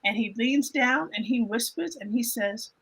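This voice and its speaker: A woman telling an emotional personal faith story in a casual panel chat, animated and often repeating her phrases. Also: fairly high pitch, moderate pace, breathy edge, low-quality recording. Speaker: guest on a livestream panel.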